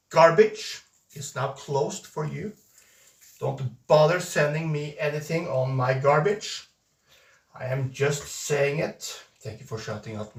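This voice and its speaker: A man streaming live and chatting with viewers in a playful, hesitant way, full of fillers and restarts. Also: mid-range voice. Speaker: streamer reading viewer messages. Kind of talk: casual live-stream chat. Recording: roomy echo, distant mic.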